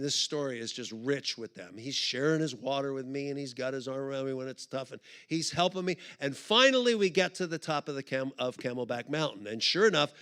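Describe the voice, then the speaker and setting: A man giving a storytelling sermon at a live conference, animated and comic, acting out the people in his story. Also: medium pitch. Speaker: conference speaker. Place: live conference stage before an audience.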